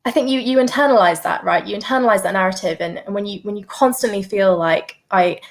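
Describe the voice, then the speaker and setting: A woman's voice: mid-range voice, quick pace. A woman who used to be a doctor, hosting a podcast interview, speaking reflectively with frequent fillers and repeated words. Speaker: podcast host, former doctor. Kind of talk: conversational interview.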